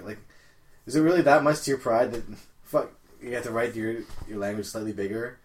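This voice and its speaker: A man's voice: medium pitch, brisk. A man chatting casually on a podcast, crude and joking, laughing often.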